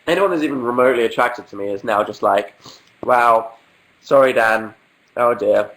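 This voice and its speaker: A young man from England, stuffed up with a cold, hosts a relaxed livestream from home and answers viewer questions through a webcam mic. His humour is dry and self-mocking, and he keeps joking about how ill he is. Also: medium pitch, normal speed, rough recording. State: has a cold, sniffling. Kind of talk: casual livestream chat.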